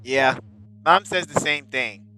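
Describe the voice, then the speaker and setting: A man's voice: mid-range voice, slow, bright, forceful tone, faint music behind, pitched below the performer's own voice, poor audio. A man reading the lines of a young boy in a horror game, barely changing his own voice. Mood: plain.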